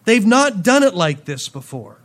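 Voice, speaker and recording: A man preaching a sermon, reading scripture aloud and then explaining it with playful asides, swinging between loud emphasis and quiet drops. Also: high-pitched, sing-song, a little slow. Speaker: pastor.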